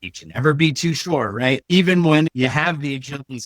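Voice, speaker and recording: A man's voice: fairly high pitch, animated, fairly quick, no echo. A man hosting a podcast, talking reflectively in a casual chat. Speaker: podcast host.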